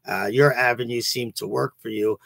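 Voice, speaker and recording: Gravelly-voiced man rambling casually. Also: medium pitch, moderate pace, background noise. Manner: rambling and profane, with frequent restarts. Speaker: podcast host and teacher. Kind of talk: casual chat.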